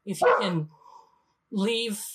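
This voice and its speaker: A woman in her fifties, a podcast guest, telling stories in a lively way and acting out the voices in them. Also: medium pitch, slow pace, heavy background noise. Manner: animated storyteller, acts out voices. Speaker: guest, design leader. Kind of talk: podcast interview storytelling.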